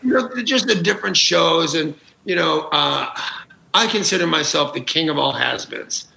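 A man's voice: a little high, moderate pace, vocal fry, bright, forceful tone, echoey room, rough recording. A man, a talk show guest, telling comic anecdotes with gusto, acting out quotes and laughing at his own jokes. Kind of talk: animated comic storytelling.

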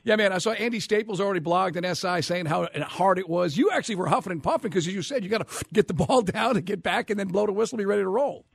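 Fast-talking high gravelly radio host. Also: male voice, no room sound. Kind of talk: sports radio talk.

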